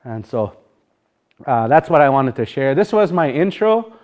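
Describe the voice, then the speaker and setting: A man's voice: medium pitch, big pitch swings, measured pace, darkish tone. A man with a Sioux Valley Dakota accent teaching a live language class, talking informally and rambling, singing phrases to show how they should sound.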